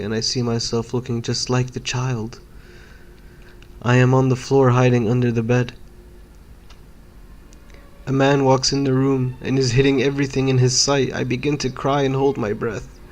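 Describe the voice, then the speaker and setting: A man from Palestine whose first language is Arabic, reading a first-person horror story as a measured, dramatic inner monologue. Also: mid-range voice, level tone.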